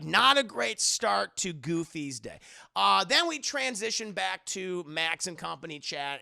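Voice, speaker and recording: A man's voice: a little high, gravelly, pushed and bright, smooth, no room sound, clean studio sound. A man casually reviewing a movie on a live stream, rambling, swearing and talking to his chat. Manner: rambling, profane, talks to chat.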